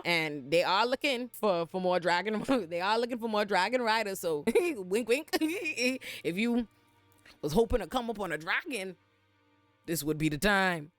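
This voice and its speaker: A woman's voice: medium pitch, lively intonation, a little fast, a bit bright, dry recording. A woman giving a profane, comic recap of a TV episode, slipping into character voices. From Bahamas. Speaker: TV show recap host. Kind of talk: casual comedic recap.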